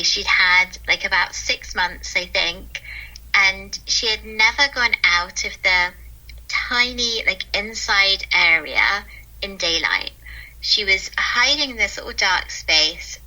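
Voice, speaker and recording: A woman speaks as an interview guest with a very bright, clear-toned voice. She tells her stories earnestly and warmly. She often breaks into laughter as she talks. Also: mid-range voice, poor audio. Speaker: guest, calm mentor. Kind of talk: casual interview storytelling.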